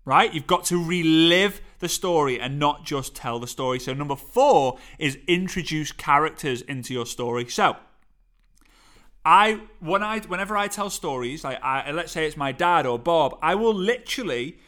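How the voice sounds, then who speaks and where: A man with a Liverpool accent coaching on storytelling in a lively, playful way that swings his voice high and low, talking into a microphone. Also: normal speed. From Liverpool, England. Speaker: speaking coach. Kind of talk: energetic teaching talk. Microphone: studio microphone.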